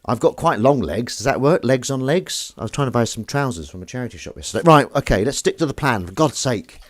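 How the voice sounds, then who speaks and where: A man's voice: mid-range voice, lively intonation, fast talker, no room sound. A man chatting casually to live-stream viewers while washing up in his kitchen, rambling with jokey asides. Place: home kitchen at the sink.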